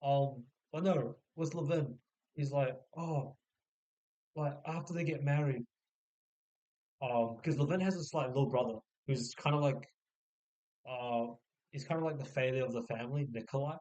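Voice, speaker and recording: A man's voice: mid-range voice, normal speed, a little mellow. Rambling man summarizing a book, lo-fi. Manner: rambling, full of filler words and restarts; slips into short mock voices for the characters. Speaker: book reviewer. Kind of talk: casual spoken book summary.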